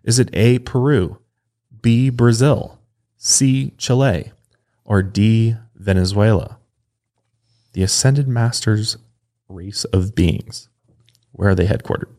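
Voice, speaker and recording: A man's voice: fairly low pitch, slow, pauses often, mellow. A man hosting a casual podcast quiz game, reading questions and joking with laughs between them. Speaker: podcast host, quizmaster.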